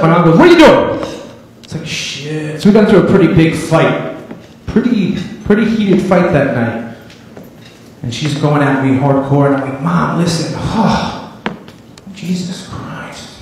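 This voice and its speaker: Young male stand-up, a bit high-voiced, deadpan storyteller; live club set with big room echo. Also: slight background noise. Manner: deadpan storytelling, acting out family and cops. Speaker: stand-up comedian. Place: comedy club stage. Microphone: handheld stage mic. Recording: live club recording, roomy echo, crowd laughter. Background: audience laughter.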